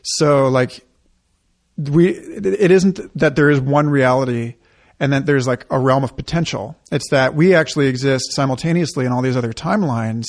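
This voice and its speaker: A man explaining an idea in casual conversation, in a deliberate way. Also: mid-range voice.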